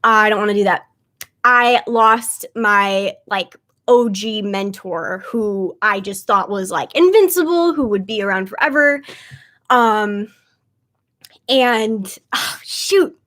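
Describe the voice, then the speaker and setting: A woman's voice: medium pitch, measured pace, fairly bright tone. A young woman hosting a casual livestream, talking in a chatty way with many fillers, holding back tears. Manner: chatty, lots of "like" and "um". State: tearful, on the verge of crying. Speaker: livestream host, tarot reader.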